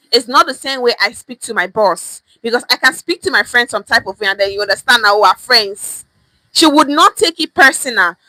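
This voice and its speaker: A Nigerian woman with a Nigerian accent, teaching Pidgin in an animated casual monologue, repeating phrases for emphasis and talking straight to viewers. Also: a little high, dry recording, rough recording. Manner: addresses viewers directly, mixes in Pidgin. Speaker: pidgin language coach.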